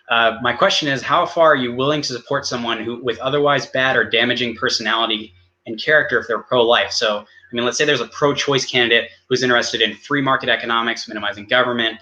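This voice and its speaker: Bright-voiced man debating fast. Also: mid-range voice, muffled recording. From United States. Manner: rapid, halting, many restarts. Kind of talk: online debate, cross-examination.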